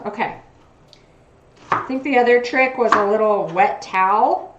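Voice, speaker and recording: A woman's voice: medium pitch, a little slow, a bit bright, dull audio, a little hiss or hum. Chatty woman cooking in an echoey kitchen. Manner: chatty, talks while chopping, self-narrating. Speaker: cooking streamer. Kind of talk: casual cooking livestream chat. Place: home kitchen.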